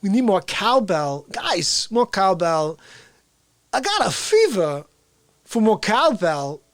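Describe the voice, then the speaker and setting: Man doing a quirky old actor impression, halting, oddly stressed, slow. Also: sits high, very animated, dry recording, studio quality, full character voice. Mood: deadpan. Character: impression of a quirky older male film actor.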